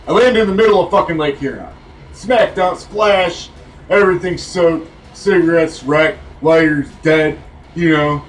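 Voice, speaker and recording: Slow, rambling male storyteller. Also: on the high side, far from the mic, a little hiss or hum, rough recording. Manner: rambling, profane, full of "you know". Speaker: vlogger telling a story.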